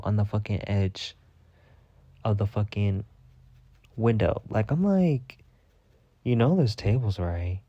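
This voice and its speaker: A man's voice: on the low side, mellow, no echo. Man doing a cursing storytime rant, sassy and dramatic, kinda dull lo-fi sound, dry. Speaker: storytime podcast host. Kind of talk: casual profane storytime rant.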